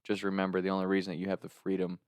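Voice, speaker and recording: A man telling a comic story on his vlog, animated and profane, laughing between lines, and turning earnest when he thanks his viewers. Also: sits low, very fast, smooth, no room sound. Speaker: storyteller and content creator.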